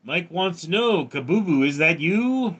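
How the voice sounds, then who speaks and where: A man's voice: on the high side, lively intonation, unhurried, lo-fi sound. A man with a round, resonant voice, chatting casually on a live stream as he reads viewer comments aloud and answers them.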